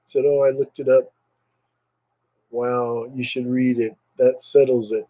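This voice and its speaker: A man with a warm, mellow voice hosts a casual livestream from home. He rambles easily, pauses on fillers and reads viewer comments aloud in a relaxed way. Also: mid-range voice. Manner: relaxed, hesitant with many fillers. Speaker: livestream host.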